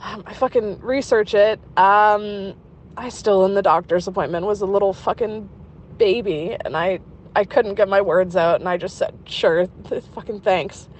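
A woman's voice: mid-range voice, fairly even intonation, muffled recording, a little hiss or hum. Woman leaving a shaky voicemail. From Canada. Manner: shaky, halting, close to tears. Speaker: caller. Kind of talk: voicemail message.

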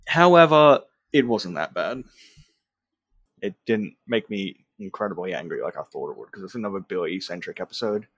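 A man's voice: low voice, expressive, normal speed, fairly bright tone, dry recording. A man co-hosting a casual podcast, tired and self-deprecating. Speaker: podcast co-host. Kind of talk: casual chat.

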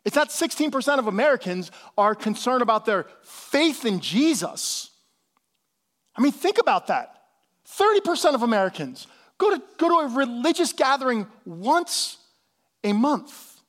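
High-voiced pastor preaching casually. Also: male voice, big pitch swings, normal speed, a bit bright. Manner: casual preaching, slangy asides. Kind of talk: sermon.

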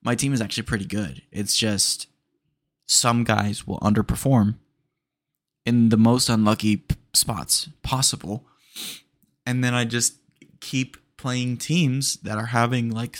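A man hosting a solo podcast in a casual, rambling chat style, talking close to his microphone and often calling listeners "dude". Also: medium pitch. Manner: rambling, laid-back, keeps saying "dude". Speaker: podcast host. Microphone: podcast mic close to the face.

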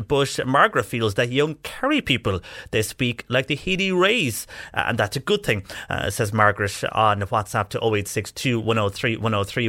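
Cork radio guy reading out texts, bright voice, dry studio sound. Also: mid-range voice, no echo. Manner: chatty, brisk, with light laughs and fillers. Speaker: radio host. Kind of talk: call-in radio show, reading listener texts.

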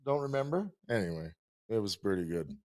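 Male co-host with playful ribbing humor, animated and slightly high, dry studio sound. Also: no room sound. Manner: playful ribbing, quick jokes. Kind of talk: casual hockey talk show. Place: broadcast studio.

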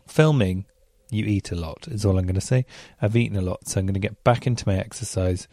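A man's voice: fairly low pitch, darkish tone, dry recording, studio quality. A man hosting a podcast, telling casual stories with rambling, self-mocking asides and rhetorical questions. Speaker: podcast host. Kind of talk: casual chatty storytelling.

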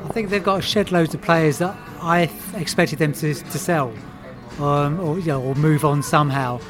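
A man's voice: a little high, moderate pace, over music. A man with a London accent explaining a point about football finances on a casual pub podcast. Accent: London English. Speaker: podcast panelist.

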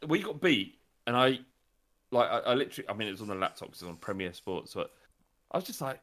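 Animated man, swearing storyteller. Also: lowish voice, fast talker. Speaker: podcast co-host. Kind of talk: casual football chat.

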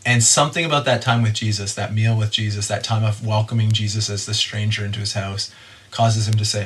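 A man's voice: on the low side, fairly even intonation, brisk, fairly bright tone, slight background noise. Man preaching a conversational sermon. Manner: conversational, acts out voices of story figures. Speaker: pastor.

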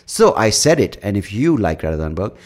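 A man's voice: lowish voice, very animated, fairly quick, darkish tone. A man hosting a solo podcast, ranting in a blunt, profane, opinionated way, rambling with many fillers and restarts. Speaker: podcast host.

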